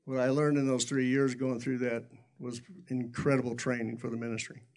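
Middle-aged male pastor, gravelly voice, folksy self-deprecating sermon storyteller, mid pitch. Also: monotone, fairly quick, a little mellow.

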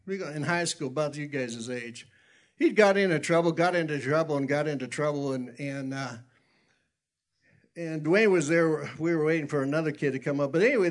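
A man preaching a sermon in a folksy, rambling storytelling way, often correcting himself and chuckling. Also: a little high. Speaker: pastor.

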